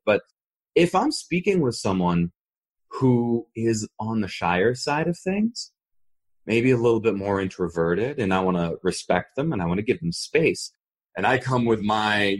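A podcast co-host with a lowish voice speaks at normal speed. He explains things casually and animatedly, acting out the voices he describes.

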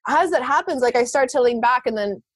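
A woman telling a personal story in casual conversation, animated, laughing often and swearing casually. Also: sits high, fairly quick, no echo.

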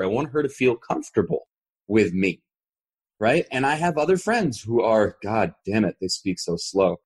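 A man's voice: medium pitch, normal speed, breathy edge. A man co-hosting a podcast, explaining casually and acting out the voices he describes. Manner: animated, demonstrates voices while explaining. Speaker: podcast co-host.

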